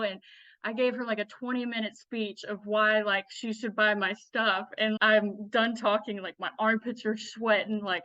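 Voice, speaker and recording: A woman with a bright, forceful voice tells her story in a loose, animated way, laughing often and speaking bluntly. The recording is dull and lo-fi, and very dry. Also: fairly high pitch, no echo. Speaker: guest, Western fashion influencer. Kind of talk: casual storytelling.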